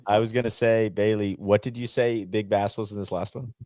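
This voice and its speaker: Low-voiced guy joking on a fishing podcast, dry close sound. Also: fairly even intonation, brisk, darkish tone, no echo. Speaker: podcast panelist. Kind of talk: casual group chat.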